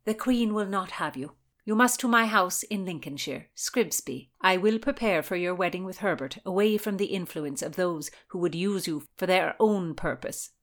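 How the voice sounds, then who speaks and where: A woman reading an audiobook, voicing a stern, cynical older noblewoman who speaks with a sharp edge. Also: on the low side, normal speed, close to an everyday voice. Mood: commanding. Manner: sharp-edged, cold.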